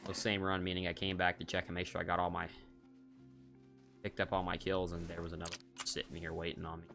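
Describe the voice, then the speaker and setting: Deep-voiced man rambling over gameplay. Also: completely flat delivery, fast talker, vocal fry, a bit bright, faint music behind. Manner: rambling, jokey, thinks aloud. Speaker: game streamer. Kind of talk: casual gameplay commentary.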